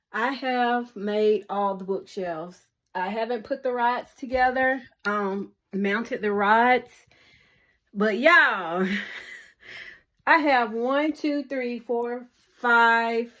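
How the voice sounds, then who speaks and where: Woman DIY vlogger, slightly high voice, giggly casual chat filmed on a selfie stick in her closet. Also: fairly bright tone. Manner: chatty, laughs often, keeps calling viewers "y'all". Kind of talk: casual vlog chat to viewers. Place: small indoor walk-in closet at home. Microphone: camera on a selfie stick or mini tripod.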